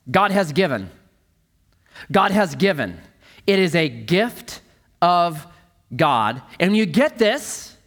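A male pastor preaching a sermon emphatically, moving between loud pushes and quiet, low lines. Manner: emphatic, swings from loud to hushed.

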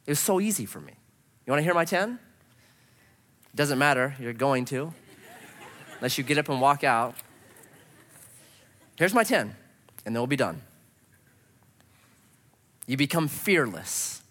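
A man preaching a sermon as a pastor, animated and full of rhetorical questions. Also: medium pitch, measured pace, long pauses, in a large hall.

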